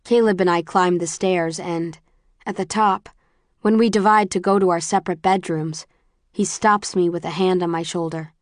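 Female audiobook narrator, lower voice, measured and even, dry close sound. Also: no room sound. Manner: measured, even storytelling with quoted dialogue. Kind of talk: first-person audiobook narration.

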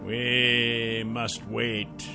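A male narrator voicing a ranger leader who yells into a cave and gives firm orders. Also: mid-range voice, monotone, extremely slow, creaky, music in the background. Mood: commanding. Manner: yelling, commanding.

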